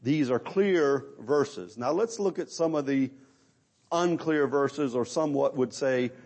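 A man's voice: mid-range voice, unhurried, a little mellow. A middle-aged man preaching a sermon, emphatic and full of rhetorical questions to his listeners.

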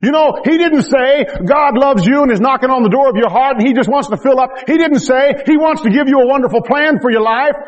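A man's voice: very high-pitched, brisk, few pauses, big-room sound, dull audio. A man pastor preaching a sermon to his congregation, emphatic and repetitive, with joking asides. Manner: emphatic, repeats key phrases with rising intensity. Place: church.

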